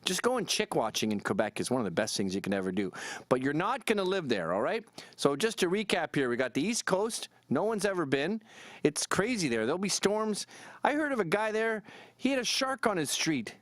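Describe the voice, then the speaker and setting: A man's voice: sits high, big pitch swings, brisk, a bit bright, no room sound. A man giving a rambling, irreverent, jokey commentary as a vlogger. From Canada. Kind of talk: casual commentary to camera.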